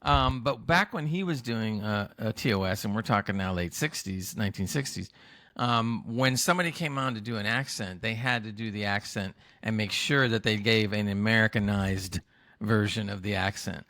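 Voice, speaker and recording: A man's voice: on the low side, normal speed, sharp tone, no room sound, clean studio sound. A man co-hosting a casual review chat over a video call, easygoing, with stammering restarts. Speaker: co-host of a TV review show.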